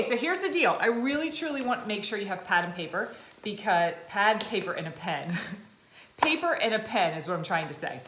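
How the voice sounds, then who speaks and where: Woman, 40s, fitness vlogger; chatty, self-mocking, slightly hoarse; echoey room. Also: lowish voice, a bit bright, slight background noise. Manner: chatty, self-deprecating, laughs often. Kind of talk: casual chat to camera.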